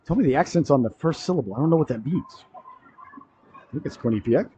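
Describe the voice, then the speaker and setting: A man calling a high school hockey game play-by-play, cracking jokes between plays and shouting on goals. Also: expressive, quick pace, a little hiss or hum. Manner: jokey asides, rises sharply to shouts on goals. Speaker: play-by-play commentator. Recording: dry, dull lo-fi broadcast audio.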